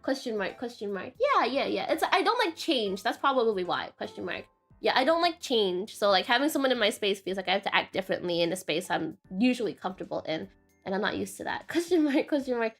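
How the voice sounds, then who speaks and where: A woman's voice: medium pitch, very animated, brisk, a bit bright, soft background music. A woman streamer chatting casually and rambling, often saying "question mark" and laughing.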